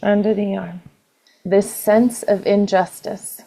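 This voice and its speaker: A woman leading a guided EFT tapping session, calling out tapping points in a slow, gentle, repetitive way. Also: mid-range voice, fairly even intonation, gravelly.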